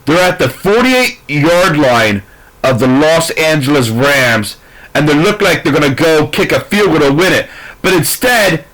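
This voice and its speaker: A man's voice: on the high side, expressive, measured pace, fairly bright tone, low-quality recording. A man ranting through a sports recap, profane, frustrated and rambling. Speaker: sports commentator.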